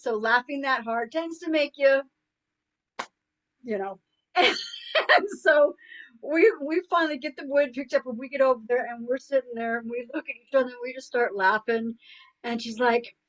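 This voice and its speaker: A woman's voice: on the high side, low-quality recording. A middle-aged woman, a guest coach, telling personal stories in an earnest, conversational way, full of "you know". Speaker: guest, suicide prevention coach. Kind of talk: conversational storytelling.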